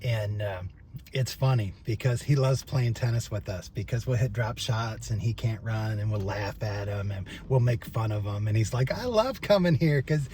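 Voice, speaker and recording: A man's voice: fairly low pitch, fairly even intonation, normal speed, warm tone. Older guy rambling to camera, cusses a lot, chuckles, faint noise behind. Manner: rambling, chatty and profane, with frequent fillers and chuckles. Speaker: vlogger, former trial attorney. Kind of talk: casual rambling monologue.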